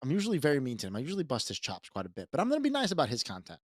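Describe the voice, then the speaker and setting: A man's voice: medium pitch, wildly swooping pitch, very fast, no room sound, clean studio sound. A man co-hosting a casual podcast chat, teasing his friends and laughing along. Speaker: co-host.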